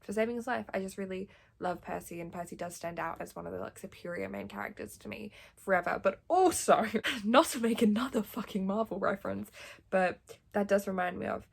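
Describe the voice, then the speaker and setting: A young woman with an Australian accent chats and reads aloud in a casual vlog. Her voice has a gravelly fry, and she gushes excitedly, laughs a lot, and swears offhandedly. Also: medium pitch. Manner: laughs often. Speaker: book vlogger.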